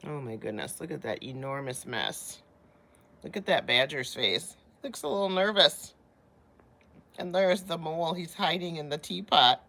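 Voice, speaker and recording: A woman teacher reading a children's picture book aloud, with hushed asides to young listeners. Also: low voice. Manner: slow, expressive, drops to hushed asides. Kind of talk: children's story read-aloud.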